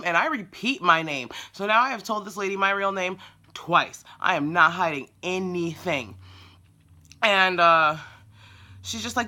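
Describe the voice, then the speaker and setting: A dog groomer venting to camera in a blunt, exasperated way. Her voice is very bright and sharp, with an average pitch for a woman. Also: measured pace. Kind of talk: casual storytelling vlog.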